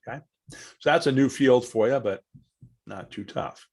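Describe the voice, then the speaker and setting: A male instructor teaching a live online class at a middle pitch. He talks in a loose, chatty way, narrating every click and tossing questions to his students. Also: normal speed, darkish tone, breathy edge. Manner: chatty, asks the class questions, walks through steps aloud. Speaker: software trainer. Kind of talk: live online training session.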